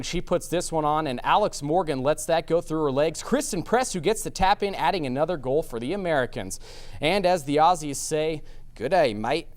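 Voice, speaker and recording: A man anchoring sports highlights on a TV newscast from a news studio, upbeat and playful, calling the plays with quick quips. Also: darkish tone.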